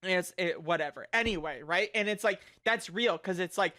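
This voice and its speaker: A young man streaming a reaction video, ranting with lots of swearing and frequent shouting. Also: high-pitched, a little fast. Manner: loud, profane, frequently shouting.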